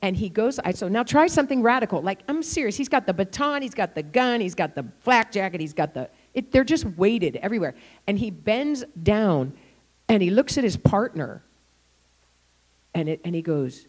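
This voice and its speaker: A woman's voice: medium pitch, brisk. A woman preaching in a church, telling a story with acted-out quotes and frequent laughter. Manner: animated, acts out quotes, laughs often. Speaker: guest speaker. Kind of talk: sermon storytelling.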